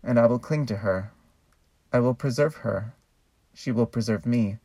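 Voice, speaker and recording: Brief: man, mid-pitched, theatrical spoken-word monologue, measured and ironic, close dry sound. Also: warm tone, dry recording. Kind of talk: performed poetic monologue.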